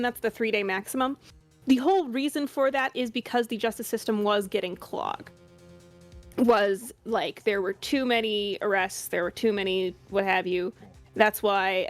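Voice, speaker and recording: A woman enthusiastically explaining a game's legal system in casual chat, with many restarts and fillers. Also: mid-range voice. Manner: enthusiastic, rambling nerdy explanation. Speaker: regular cast member.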